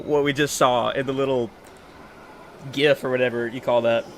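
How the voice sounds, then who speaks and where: A young man streaming live from home, reacting with loud excitement and laughter, with faint music behind. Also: medium pitch, moderate pace, pauses often. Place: home room.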